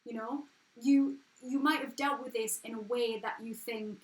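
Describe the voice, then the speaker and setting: Woman in her 30s, down-to-earth English accent, earnest and frank live-stream host, slightly high voice. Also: fairly even intonation, moderate pace. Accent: English, not posh. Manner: frank, earnest and chatty, with restarts and swearing. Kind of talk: casual motivational live chat. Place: at home. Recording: echoey room.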